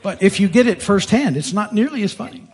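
A man preaching as a pastor in church, moving from earnest appeal into animated storytelling. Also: a little fast, breathy edge. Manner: animated, jumps into high voices when telling stories. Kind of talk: sermon with storytelling.

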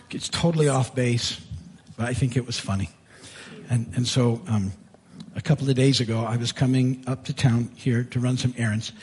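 A man preaching as a pastor in church, moving from earnest appeal into animated storytelling. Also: slightly rough. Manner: animated, jumps into high voices when telling stories. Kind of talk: sermon with storytelling.

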